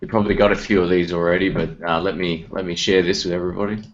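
A man's voice: low-pitched, level tone, fast talker, dull audio. An Australian man hosting a casual online guitar chat, laid-back and self-deprecating, with plenty of fillers.

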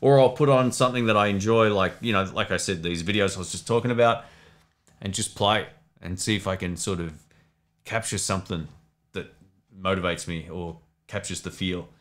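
A man's voice: deep voice, moderate pace. A man hosting a casual live Q&A, chatting loosely and reading viewer comments aloud. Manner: relaxed, rambling, reads chat comments aloud. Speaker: livestream host answering viewer questions. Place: home studio.

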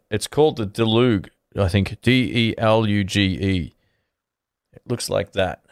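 A laid-back man with a fairly low voice chats on a live stream about guitar gear. He rambles and restarts his sentences in an easygoing way, and the sound is close and dry. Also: no room sound. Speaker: guitar channel host. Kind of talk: casual livestream chat answering viewers.

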